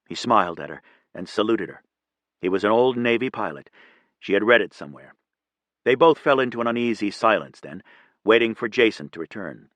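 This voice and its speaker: A man narrating an audiobook in an even, measured reading on a close studio mic. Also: on the low side, no echo. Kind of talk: scripted narration.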